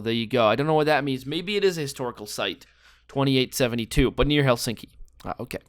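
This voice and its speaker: A man's voice: medium pitch, clear, resonant tone, no echo, clean studio sound. A man giving casual, rambling commentary while playing a guessing game, joking and thinking aloud. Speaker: gameplay commentator.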